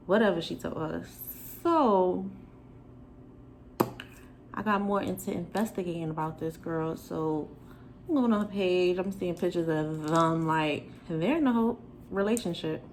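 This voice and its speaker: A young woman from New York telling a storytime to the camera, animated and sassy, acting out the quoted lines. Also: fairly low pitch, a little slow, slight background noise, poor audio. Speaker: vlogger. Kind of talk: storytime chat.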